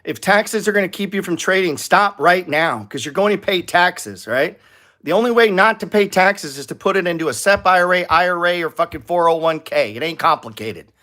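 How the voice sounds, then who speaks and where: Blunt, profane trading host. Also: male voice, sits high, animated, brisk, pushed and bright. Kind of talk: live stock-chart commentary.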